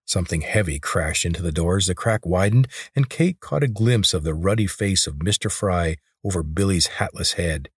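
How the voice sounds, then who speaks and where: Narrator: man, low and husky, steady storytelling, dry close mic. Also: normal speed, hardly any pauses, no echo. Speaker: audiobook narrator. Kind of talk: scripted narration of a novel.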